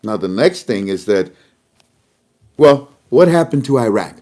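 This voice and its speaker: A man's voice: medium pitch, sing-song, measured pace, a little mellow. A man hosting an online show, chatting casually to his viewers about the news and laughing often as he goes.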